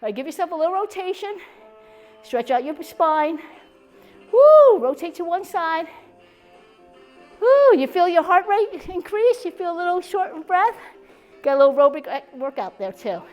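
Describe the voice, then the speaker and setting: A woman's voice: very high voice, animated, a little fast, a little mellow, soft background music. A woman leading a chair exercise class, upbeat and encouraging, cheering with whoops and slightly out of breath. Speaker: fitness instructor. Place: senior center hall.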